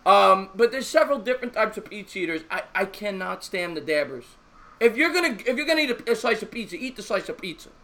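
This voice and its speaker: A man's voice: high voice, expressive, fast, a bit bright. A man co-hosting a casual live sports talk stream, telling a rambling joke and reading out viewer messages. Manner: rambling, repeats himself, tells jokes.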